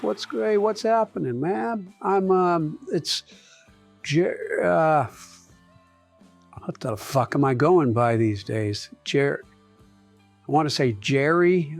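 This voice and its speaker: A man's voice: a little high, takes it slowly, creaky, a little mellow, faint music behind, full character voice. A man voicing a confused, rambling old male politician who mumbles, meanders and swears.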